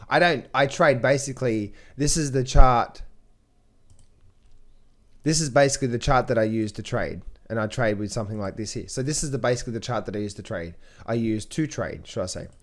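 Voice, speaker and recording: A man speaking casually to the camera as a trading coach. He talks in an energetic, motivational way, with frequent restarts and repetition. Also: mid-range voice. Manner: rambling, repetitive, lots of fillers and restarts.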